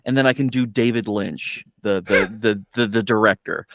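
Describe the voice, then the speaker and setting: A man's voice: fairly low pitch, fairly even intonation, noisy background. A man co-hosting a livestream in a chatty, joking way, riffing on the side while the host works. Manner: jokey, chatty, quick to riff. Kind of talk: casual livestream banter. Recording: dry, slightly dull mic sound.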